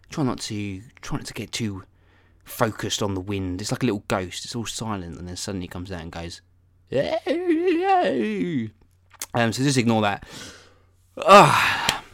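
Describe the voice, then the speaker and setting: A man's voice: fairly low pitch, fairly bright tone, no room sound, clean studio sound. A man hosting a solo podcast, rambling off-topic in a self-deprecating way with casual swearing. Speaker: podcast host.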